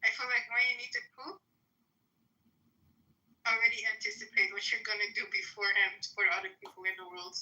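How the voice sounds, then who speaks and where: A woman's voice: mid-range voice, level tone, fairly quick, long pauses, bright, forceful tone, dull audio. A woman in casual chat, reacting with laughs and short remarks.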